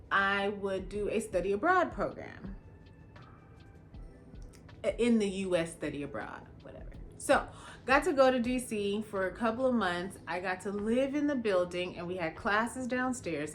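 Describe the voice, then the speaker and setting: An attorney tells her own story in a lively, conversational way. She leans on rhetorical questions to drive home her points. Her voice is in a middle pitch, and faint music plays under her talk. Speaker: attorney and vlogger. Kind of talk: casual personal storytelling.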